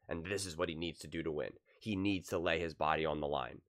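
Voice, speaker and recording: A man's voice: extremely low pitch, fast. A man hosting his own sports channel, giving impassioned casual opinion commentary to camera, repeating words and restarting sentences.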